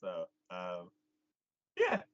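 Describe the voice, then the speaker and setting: Guy chatting about an anime ep, low voice, swings all over, doing squeaky voices for the characters, laughs a lot, kinda dull lo-fi audio. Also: drawn-out words, no echo. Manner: animated retelling, jumps into high squeaky voices for characters, laughs often. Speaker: anime podcast host. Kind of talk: casual chat recapping an episode.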